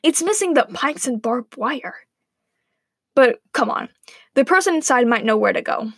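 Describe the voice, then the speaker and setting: A woman's voice: high voice, animated, normal speed, fairly bright tone, slightly rough, dry recording, clean studio sound, heavily acted. A woman voicing a snappy, sarcastic young girl in a spoken story.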